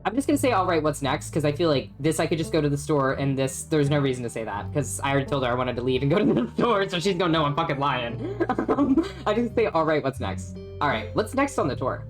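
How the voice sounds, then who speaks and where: A woman's voice: low voice, very animated, quick pace, few pauses, faint music behind. A young woman streaming a story game, chatting casually with her chat, swearing and laughing often.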